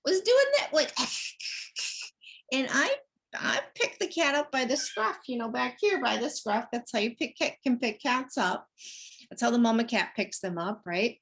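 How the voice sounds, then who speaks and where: A woman's voice: a little high, expressive, measured pace, a bit bright. A middle-aged woman hosting an animal messages show, telling stories in a chatty way and laughing often. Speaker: animal communicator host. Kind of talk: casual chat.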